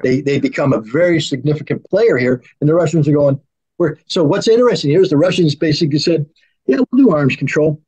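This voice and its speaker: A man's voice: on the high side, fast talker, mellow, slightly rough, low-quality recording. A man speaking as an arms control expert, talking heatedly and acting out quoted exchanges between negotiators. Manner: acts out both sides in mock dialogue. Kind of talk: animated political discussion.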